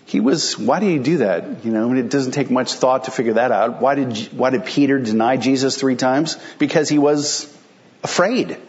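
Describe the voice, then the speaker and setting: A man's voice: mid-range voice, moderate pace, highs cut off. A male pastor preaching a sermon in a conversational, explanatory way, asking rhetorical questions and answering them.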